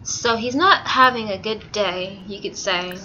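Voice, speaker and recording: A woman's voice: mid-range voice, unhurried, bright, forceful tone, lo-fi sound, a little hiss or hum. A young woman giving casual, giggly commentary over a life-sim game, reacting with stammers and exclamations. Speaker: gaming YouTuber.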